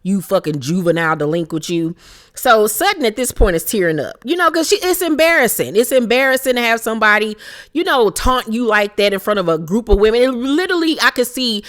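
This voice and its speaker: A woman hosting a casual reality TV recap, talking fast and heated, blunt and heavily profane. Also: fairly high pitch, lively intonation, fairly bright tone.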